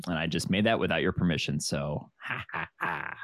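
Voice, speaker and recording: Man, podcast host, lowish voice, lively pitch, laughs a lot, dry sound. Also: brisk, dry recording. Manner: upbeat, laughing, lively presenter. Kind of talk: casual chat.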